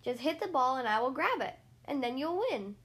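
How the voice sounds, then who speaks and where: A woman's voice: high-pitched, expressive, normal speed, a bit bright, husky, exaggerated voice. A woman reading aloud, voicing a tiny shy female mermaid who talks primly and stammers.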